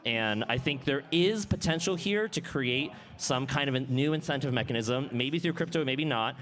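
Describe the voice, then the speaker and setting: A man's voice: mid-range voice, lively intonation, normal speed, a bit bright. A man speaking as a panelist at a conference, thinking aloud and often repeating words as he starts a sentence. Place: conference hall.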